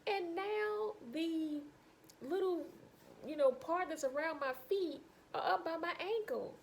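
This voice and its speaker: A woman in her fifties telling embarrassing stories in a casual vlog, animated and quick to laugh. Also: slight background noise. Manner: animated, laughs often, jumps into high quoted voices. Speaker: vlogger. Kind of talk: casual storytelling.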